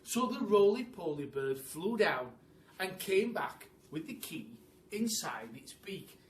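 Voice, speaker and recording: A male primary school teacher reading a storybook aloud to children, expressive and unhurried. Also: sits high, slight background noise. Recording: echoey room, mic at a distance.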